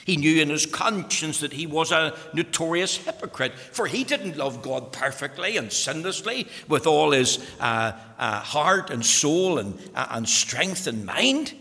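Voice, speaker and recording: A man's voice: a little high, lively intonation, measured pace, hardly any pauses, sharp tone, long reverb tail. A man preaching a sermon, explaining scripture in an emphatic way and addressing the young people listening.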